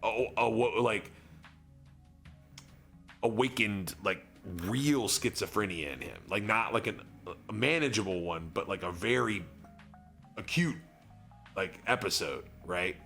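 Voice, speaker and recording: A man's voice: lowish voice, lively intonation, unhurried, vocal fry, pauses often, pushed and bright, soft background music. Rambling young man telling a story. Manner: rambling, heavy on fillers and reenacted dialogue. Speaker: streamer. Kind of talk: casual storytelling on stream.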